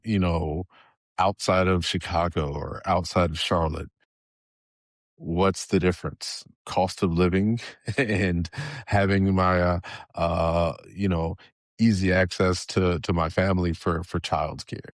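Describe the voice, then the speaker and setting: A man's voice: low voice, steady tone, slow, dry recording, clean studio sound. A middle-aged man with a Southern US accent, talking casually as a podcast guest, hesitant with many restarts. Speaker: podcast guest, software engineer. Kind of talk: casual interview chat.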